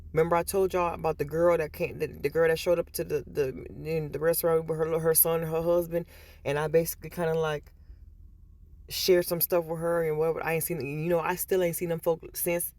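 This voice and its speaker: A woman's low, slightly mellow voice carries a casual vlog filmed in a store. Chatty and prone to repeating words, she retells stories to her viewers, putting on quoted voices.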